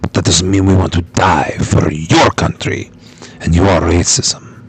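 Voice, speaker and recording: A man voicing a grave, dramatic soap-opera speaker with a put-on Spanish accent, slow and hushed. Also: low voice, steady tone, breathy edge, voice pushed down, exaggerated voice. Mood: brooding.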